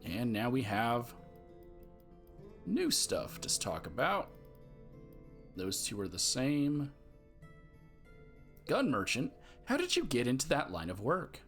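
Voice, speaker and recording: A man talks through his gameplay in a relaxed, chatty way, reading dialogue choices aloud with amused asides. His pitch is mid-range but his intonation swings a lot. Soft music sits in the background. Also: slow, pauses often. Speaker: gamer playing and commenting. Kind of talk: casual gameplay commentary.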